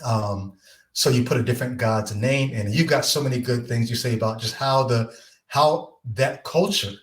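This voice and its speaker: Man, podcast host, mid-pitched, echoey room sound, reflective, thoughtful questions. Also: moderate pace. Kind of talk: casual podcast interview.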